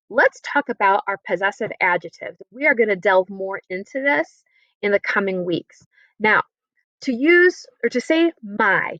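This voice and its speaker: A woman teaching a French lesson in English, upbeat and encouraging, sounding words out slowly. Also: mid-range voice, fairly bright tone, no echo. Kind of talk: recorded remote lesson. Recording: dry, slightly dull computer-mic audio.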